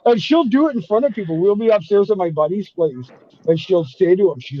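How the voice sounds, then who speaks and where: A man's voice: high-pitched, lively intonation, a little fast. A man telling cold-weather stories in casual chat, heavy with swearing. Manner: profane, storytelling. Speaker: podcast guest telling stories. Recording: dull dry lo-fi audio.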